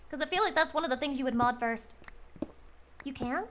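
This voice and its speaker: A young woman streaming a game, chattering excitably to her chat, swearing freely and breaking into loud outbursts. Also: high-pitched, fairly quick, pauses often, noisy background. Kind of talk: casual live-stream chatter while playing a game.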